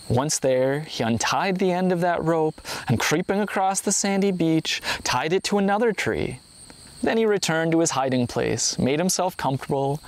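A man narrating a traditional folktale with measured, expressive pacing. His voice sits in an ordinary middle pitch, lifting for questions and suspense. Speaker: story reader. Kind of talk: folktale storytelling.

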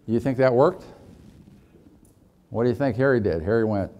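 A man's voice: medium pitch, normal speed, pauses often, muffled recording. Male leadership trainer, storytelling workshop talk, asks the room lots of questions. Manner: rhetorical questions to the audience.

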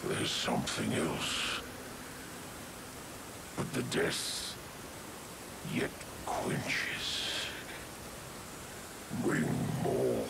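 An actor voicing an ominous male beast spirit who hungers for death, speaking in a slow, menacing, half-whispered rasp. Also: noisy background, full character voice. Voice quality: deep gravelly rasp.

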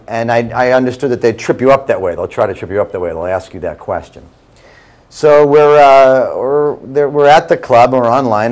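A man telling a casual story as a game show guest, halting, with many fillers and restarts. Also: medium pitch, a little mellow. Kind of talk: casual anecdote.

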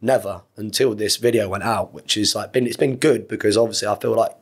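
Fast-talking husky man. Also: on the low side, steady tone. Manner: rapid, rambling and earnest, with heavy swearing. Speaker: podcast guest, former Royal Marine. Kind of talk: candid conversational interview.

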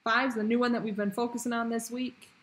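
A woman teacher talking pupils through a grammar worksheet in a clear, patient question-and-answer way. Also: fairly high pitch, little pitch movement, a little fast, rough recording. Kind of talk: recorded grammar lesson for pupils.

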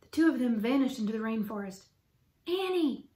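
Woman, higher voice, children's book read-aloud, clear, expressive storyteller. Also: quick pace. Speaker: storyteller for students.

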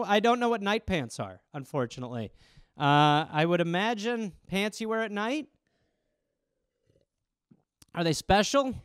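A man's voice: on the high side, fairly bright tone, smooth, no echo, studio quality. A man hosting a comedy podcast, riffing in a rambling, profane way. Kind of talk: casual comedic monologue.

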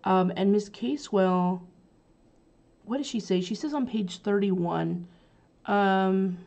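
A woman's voice: mid-range voice, slow, gravelly, darkish tone. A woman giving a chatty, casual summary of a play, retelling the scenes with fillers and paraphrased quotes.

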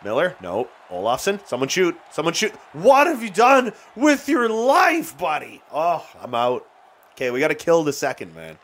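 A man talks through his hockey video game session in a loose, chatty way, laughing now and then. His pitch sits in the middle range, and at big plays his voice jumps up into shouts. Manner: excitable, shouts at big plays, chuckles often. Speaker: gaming YouTuber. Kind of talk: let's-play commentary.

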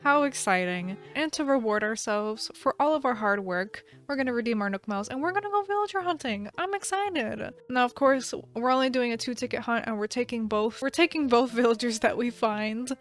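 Young woman, gaming vlog host. Higher voice, giggly, rambling, playful scolding. Faint music underneath. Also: animated, fairly quick, hardly any pauses. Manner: chatty and giggly, rambling asides, playfully scolds game characters. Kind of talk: casual gameplay commentary. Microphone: desk microphone.

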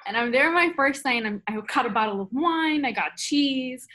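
A woman in her thirties, a podcast guest telling a travel story in a lively, casual way, often laughing and acting out quoted dialogue. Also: high voice, moderate pace, slight background noise.

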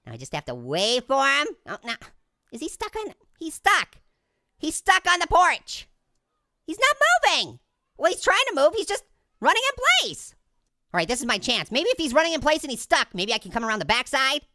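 A woman giving excitable, jokey let's-play commentary as a video game streamer, talking to her viewers as she plays. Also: sits high, brisk, no room sound.

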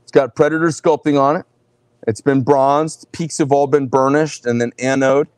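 A middle-aged man hosts a casual knife sales show in a mid-range voice. He tells long, animated, rambling stories. The sound is dry and close. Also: mid-range voice, normal speed, clean tone, no room sound. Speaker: host presenting knives.

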